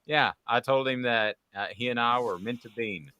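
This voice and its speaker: A man's voice: mid-range voice, normal speed, noisy background. A man hosting a casual sports panel, telling corny puns and ribbing his co-hosts. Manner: jokey, tells corny bean puns. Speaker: sports show host.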